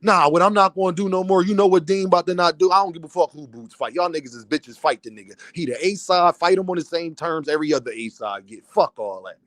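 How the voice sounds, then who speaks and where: A man's voice: on the high side, fast talker, few pauses, a bit bright, dry recording. A man, a boxing content creator, ranting on a livestream, angry, profane and heated. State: worked up and fuming. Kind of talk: livestream rant.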